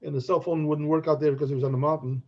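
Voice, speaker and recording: This middle-aged co-host talks very fast, his slightly high voice staying fairly even, as he spins loose, laugh-filled stories that keep restarting. The podcast audio is dull and lo-fi.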